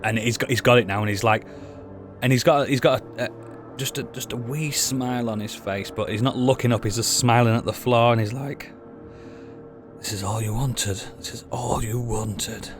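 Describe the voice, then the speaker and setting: A man's voice: mid-range voice, fairly even intonation, a little fast, soft background music. A man, a player in a tabletop game who talks for his character and swears freely.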